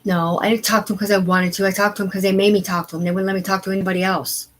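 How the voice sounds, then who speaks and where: A woman ranting on a live stream, agitated and profane, rambling in disjointed bursts that sink to quiet mumbling. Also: medium pitch, level tone, very fast, poor audio. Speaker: livestreamer. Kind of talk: unscripted live stream rant.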